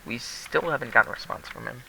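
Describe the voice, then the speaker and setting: A man's voice: medium pitch, fast, gravelly, bright, forceful tone, a little hiss or hum, poor audio. A teenage boy casually commenting on his own building game, rambling and laughing at himself now and then. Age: teens. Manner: rambling, self-deprecating, laughs often. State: prone to coughing. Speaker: gaming video host.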